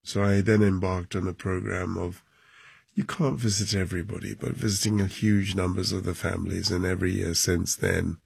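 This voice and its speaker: A man, a football club chairman, recounting events in a documentary interview, halting and emotional, his voice dropping low at times. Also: steady tone, gravelly, slightly rough, dry recording.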